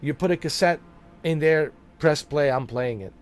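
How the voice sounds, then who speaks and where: A man's voice: fairly high pitch, moderate pace, faint music behind. A man streaming a video game, chatting casually and joking with his viewers, laughing often. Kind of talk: casual live-stream commentary.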